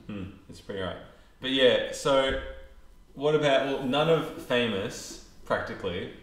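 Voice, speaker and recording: A man's voice: medium pitch, a little slow. A young Australian man with an Australian accent, rambling and joking as a podcast host in casual chat. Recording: echoey room, faint background noise.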